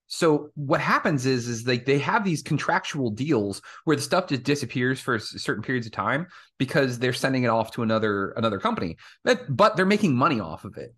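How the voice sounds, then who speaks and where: A man co-hosting a casual podcast, explaining things in a relaxed way with fillers. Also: medium pitch, brisk, slightly rough. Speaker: podcast co-host. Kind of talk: casual chat.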